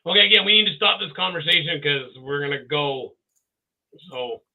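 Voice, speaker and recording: A male podcast co-host telling stories in casual chat. He is animated, acts out quotes, and stammers through restarts. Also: a little high, moderate pace. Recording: tinny phone-like audio.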